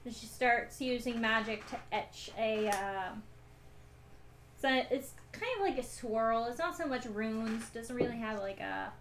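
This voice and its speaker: A woman playing a tabletop game, describing her character's actions in a lively way. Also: a little high, unhurried, slight background noise. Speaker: player.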